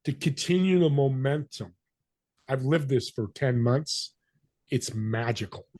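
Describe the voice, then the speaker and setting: A man guest on a podcast telling a story, acting out the voices of people in it with lively energy. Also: mid-range voice, unhurried, no echo. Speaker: podcast guest, business connector. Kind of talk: storytelling interview talk.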